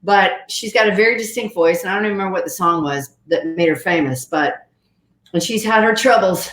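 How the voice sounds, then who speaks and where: A woman host in casual chat on a video call, chatty with quick asides. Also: on the low side, fairly bright tone, roomy sound.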